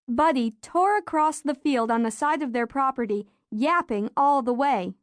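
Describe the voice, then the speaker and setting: A woman narrating a children's audiobook in a lively storytelling manner. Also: high voice, normal speed, dry recording, studio quality. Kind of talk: scripted narration. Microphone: studio microphone.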